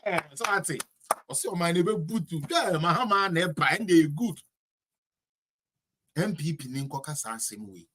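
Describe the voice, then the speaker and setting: Ghanaian male political commentator, heated and mocking rant, slightly higher-pitched voice. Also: animated, a little slow, pauses often, a bit bright, husky.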